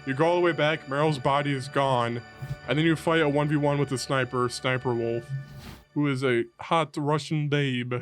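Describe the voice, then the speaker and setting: A young man co-hosting a podcast, casually retelling a video game plot with animated asides. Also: mid-range voice, soft background music. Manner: animated storytelling, acts out game characters in quick asides. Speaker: podcast co-host. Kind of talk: casual chat.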